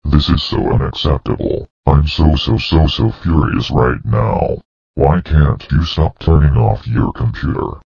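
A male text-to-speech voice playing a furious purple dinosaur scolding the user, with a flat robotic delivery. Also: measured pace, lo-fi sound, soft background music, exaggerated voice. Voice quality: very deep, gravelly synthetic voice.

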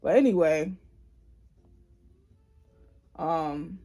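A woman's voice: deep voice, lively intonation, drawn-out words, warm tone. A woman telling a personal story in a casual vlog, sassy and indignant, speaking straight to the listener.

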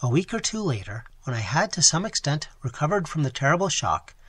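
A man reading a gothic novel aloud in a dramatic, expressive style, his voice strained from long sessions. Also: on the high side, a little fast, breathy edge, no room sound. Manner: dramatic, animated storytelling. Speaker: audiobook narrator.

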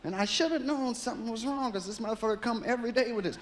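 A man in his thirties doing stand-up comedy, telling a story in a profane, animated way and acting out voices. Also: very high voice, fast talker, hardly any pauses. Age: 30s. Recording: live reverberant hall with background noise.

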